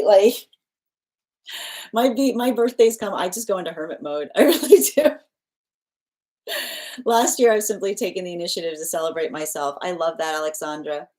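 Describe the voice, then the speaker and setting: A woman with a slightly low voice chats casually on a tarot livestream. She reads out viewer comments, thanks people by name and laughs easily along the way. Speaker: tarot reader hosting a livestream.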